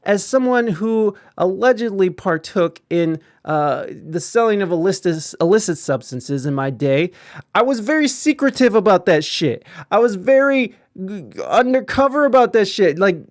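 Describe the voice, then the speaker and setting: A man giving casual live-stream commentary, profane and animated, often acting out quoted voices. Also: high-pitched, normal speed, dry recording, clean studio sound.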